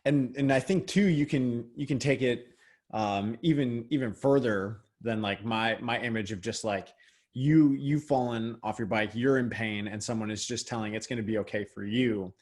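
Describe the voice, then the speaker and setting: A man's voice: medium pitch, normal speed, darkish tone. A man co-hosting a casual church podcast, thinking aloud with many fillers and restarts. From United States. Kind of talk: casual faith discussion.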